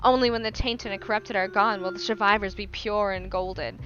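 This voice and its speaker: A woman reading aloud as a male soldier who has lost his mind, with a solemn, measured delivery, on a lo-fi home mic. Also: mid-range voice, steady tone, fairly bright tone, soft background music, close to an everyday voice. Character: grim zealous male soldier gone mad.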